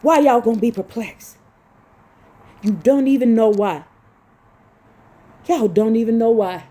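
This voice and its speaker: High-voiced woman preaching fervently. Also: a little slow, mellow. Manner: fervent, scolding, cries out and repeats phrases. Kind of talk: impassioned street-style sermon with scripture reading.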